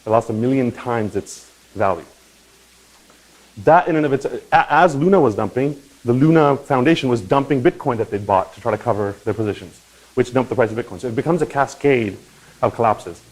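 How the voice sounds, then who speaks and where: A man hosting a crypto channel, talking in a casual, animated explainer style and often checking in with "right?" and "okay?". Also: medium pitch, brisk, low-quality recording. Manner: animated, swings into loud mock voices and profanity; conversational with frequent "right?" and "okay?".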